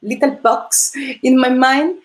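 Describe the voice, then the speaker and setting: A woman's voice: sits high, takes it slowly. A Spanish woman, a Spanish teacher and holiday host, chatting in English with a Spanish accent as a non-native speaker, hesitant with many fillers and restarts and frequent laughs. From Spain. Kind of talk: casual interview chat. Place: video call or live stream.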